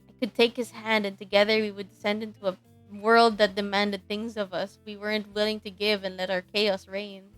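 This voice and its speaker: A young woman streaming, reading a dating game aloud in a giggly, animated way. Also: medium pitch, normal speed, soft background music.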